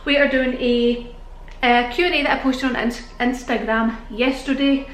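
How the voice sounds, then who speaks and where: Young British woman vlogging, breathless and chatty, higher voice in a roomy space. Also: steady tone, moderate pace. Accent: British English. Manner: chatty, rambling, laughing often. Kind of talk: casual chat to camera. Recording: echoey room.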